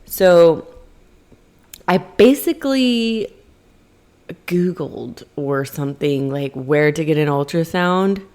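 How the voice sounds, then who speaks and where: Low-voiced woman telling a personal story. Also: expressive, takes it slowly, long pauses, darkish tone, clear, resonant tone. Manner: rambling, self-correcting, many fillers. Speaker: podcast host.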